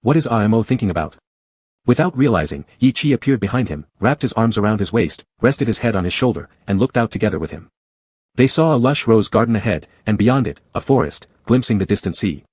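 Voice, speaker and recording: A man narrates a romance comic story in a steady, even read. His voice is low and husky. The recording is close and dry. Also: a little fast, dry recording.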